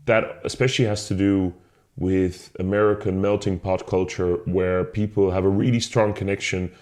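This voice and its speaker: Low-voiced man, hesitant podcast chat. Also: flat delivery, normal speed, a little mellow. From Netherlands. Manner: hesitant, many restarts and self-corrections. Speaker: podcast co-host. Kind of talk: casual conversation.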